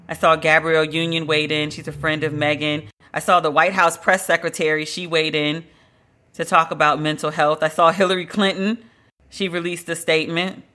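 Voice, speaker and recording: A solo podcast host riffs on celebrity news with a bright, forceful voice. The delivery is emphatic and dramatic, full of slang, swearing and long exclamations. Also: mid-range voice.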